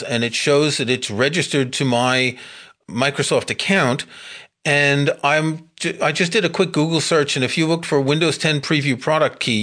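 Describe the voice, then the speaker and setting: Male podcast co-host, mid-pitched, easygoing explainer. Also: a bit bright. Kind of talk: casual tech podcast chat.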